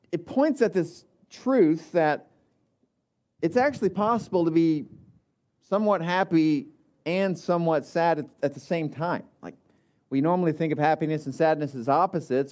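Chatty man preaching, fairly high voice. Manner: relaxed, chatty, frequent uh fillers and restarts. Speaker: pastor. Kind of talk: conversational sermon.

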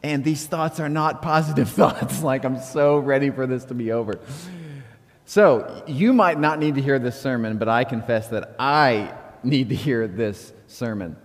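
A man's voice: medium pitch, measured pace. A middle-aged man, preaching a sermon as a pastor, telling candid, self-deprecating stories with chuckles. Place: church sanctuary. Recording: long reverb of a church hall.

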